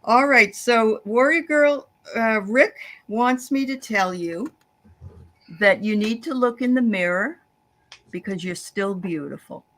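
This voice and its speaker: An older woman hosting a medium session, chatting casually and passing on messages, quick to affirm and laugh. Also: a little high, a bit bright. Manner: affirming listener, lots of mm-hmms, easy laughs. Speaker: host and medium. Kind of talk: casual chat.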